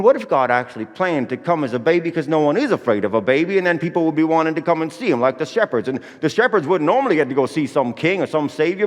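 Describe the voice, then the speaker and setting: An actor playing Joseph as a folksy, anxious young father, drawling with country grammar, in a church Christmas monologue. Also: fairly high pitch. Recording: echoey church hall.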